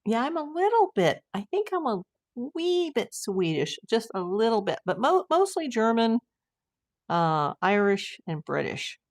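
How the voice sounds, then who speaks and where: A woman's voice: a little high, big pitch swings, darkish tone. An older woman from the United States, hosting a casual livestream, chatting and reading out viewer messages with frequent exclamations. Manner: chatty and exclamatory, quick to say wow. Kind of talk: casual live chat.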